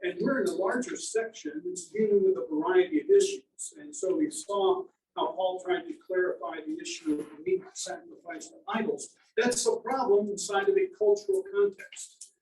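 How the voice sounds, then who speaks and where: High, animated man teaching in a roomy space. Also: creaky, far from the mic. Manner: conversational, animated, acts out quoted voices. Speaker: Bible teacher. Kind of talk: teaching sermon.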